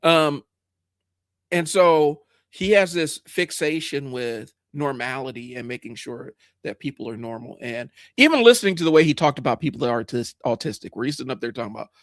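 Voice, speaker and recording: A man with a stuffy head cold talks through a live stream in a casual, rambling monologue, full of ums and restarts. He is frank and swears now and then when something annoys him. His voice sits at a middle pitch and sounds dry and close, with no room around it. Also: expressive, brisk, dry recording. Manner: frank, rambling with many fillers and restarts, greets chat viewers.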